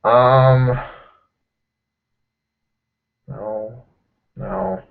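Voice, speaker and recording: Excitable young man on a tinny line. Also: medium pitch, extremely slow, gravelly. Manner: excitable, laughs often, lots of fillers. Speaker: podcast co-host. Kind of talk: casual chat. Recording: tinny phone-like sound.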